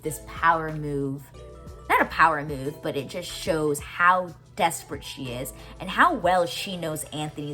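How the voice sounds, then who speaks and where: Gushing and tearful, this podcast host retells scenes from a TV episode in a casual recap, quoting its lines with real emotion. She speaks in a low-pitched, slightly bright voice.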